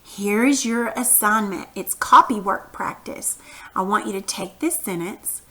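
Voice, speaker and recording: Bright-voiced woman teaching young children. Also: medium pitch, a little slow. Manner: patient and encouraging, exaggerating sentences for emphasis. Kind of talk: children's punctuation lesson.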